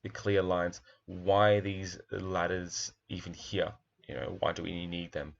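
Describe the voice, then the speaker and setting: A man's voice: low-pitched, flat delivery, a little slow, creaky, highs cut off. A man, a primary school teacher, talks thoughtfully through a picture book, admiring its pages and asking questions aloud.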